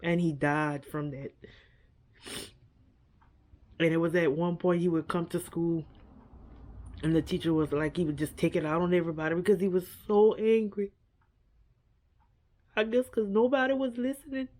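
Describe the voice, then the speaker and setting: A woman's voice: on the low side, fairly even intonation, moderate pace, long pauses, dark tone. Upset woman vlogger reacting earnestly. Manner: earnest and upset, repeats herself, fillers like "like" and "you know". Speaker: vlogger reviewing a documentary. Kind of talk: casual reaction vlog.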